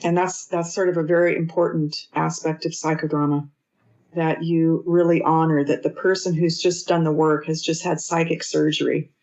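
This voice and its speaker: A woman grief therapist and author, calmly recounting a therapy session with gentle, measured storytelling. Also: low-pitched, muffled recording. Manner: calm, measured storytelling with gentle quoted dialogue.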